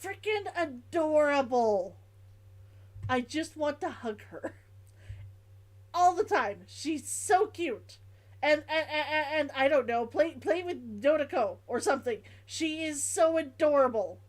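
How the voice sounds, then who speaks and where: A woman's voice: high voice, animated, slow. A woman streamer chatting casually while playing a game, gushing, giggling and repeating herself. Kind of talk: casual live-stream chat.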